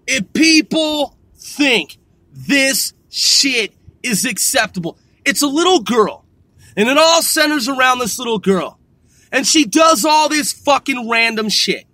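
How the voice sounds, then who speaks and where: A man's voice: very high-pitched, lively intonation, measured pace, bright, forceful tone, dry recording. A middle-aged man ranting in an exasperated, profane way, repeating himself and swearing constantly. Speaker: vlogger. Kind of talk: ranting monologue.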